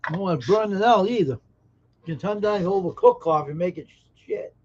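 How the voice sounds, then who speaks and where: A man's voice: high-pitched, fast talker, darkish tone, dull audio. A man hosting a casual live stream, joking brashly and teasing viewers in chat. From Massachusetts.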